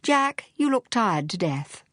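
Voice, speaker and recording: A woman voicing a brisk, witty young society woman detective with a crisp, commanding manner in an audiobook. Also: medium pitch, very animated, fairly bright tone, no echo, clean studio sound, voice pushed up.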